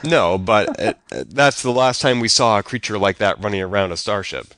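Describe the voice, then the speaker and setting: A man with a low voice co-hosts a casual podcast, recapping an episode with an enthusiastic, joking manner. The sound is dry and close, with no room around it. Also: normal speed, fairly bright tone, no room sound. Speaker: podcast co-host.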